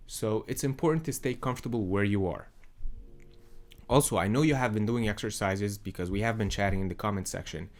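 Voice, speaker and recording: A young adult man, a voice coach, explaining in a calm, measured teaching manner. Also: fairly low pitch. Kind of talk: instructional explainer.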